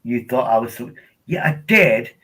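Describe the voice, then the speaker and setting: A man's voice: mid-range voice, expressive, normal speed, crowd noise, rough recording. An older man, chatting casually and rambling on a live stream from home at his laptop.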